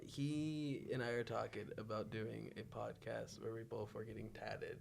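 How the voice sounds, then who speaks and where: A man's voice: lowish voice, level tone, moderate pace, vocal fry, a little mellow, slight background noise. A young man hosting a casual podcast, laughing often and swearing freely as he tells stories. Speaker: podcast host.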